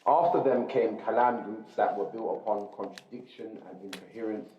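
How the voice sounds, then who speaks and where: A man reading a religious text aloud to a class in a measured, explanatory way, stopping to gloss Arabic terms. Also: lowish voice, a little hiss or hum. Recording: roomy, dull lo-fi recording.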